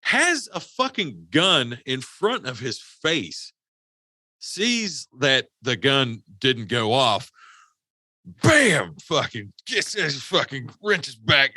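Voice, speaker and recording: A man from West Virginia tells a story on a podcast, swearing constantly and restarting his sentences as he goes. His voice is lively, swinging up and down in pitch, with a bright edge. The sound is dry, with no room echo. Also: slow. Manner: rambling, profane, frequent restarts. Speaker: podcast co-host. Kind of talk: casual storytelling. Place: podcast studio.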